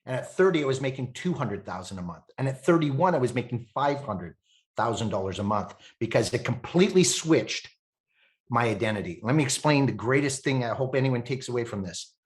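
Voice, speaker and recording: A man in his fifties from Canada, a podcast guest telling animated stories, laughing often and acting out the voices of people he quotes. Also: medium pitch, brisk. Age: 50s. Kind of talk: animated storytelling.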